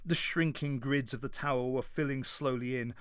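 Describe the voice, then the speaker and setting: A man narrating an audiobook in a dramatic, measured reading. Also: medium pitch, steady tone, a bit bright, clear, resonant tone, dry recording, studio quality. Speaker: audiobook reader. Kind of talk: scripted narration.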